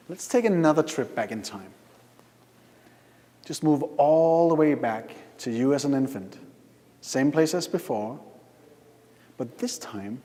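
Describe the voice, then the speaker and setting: Man, hypnotist, stage demo, slow coaxing lists, long hall echo. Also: medium pitch, dark tone. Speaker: hypnotist giving a stage demonstration. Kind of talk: guiding a live hypnosis demo. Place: conference hall. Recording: reverberant conference hall.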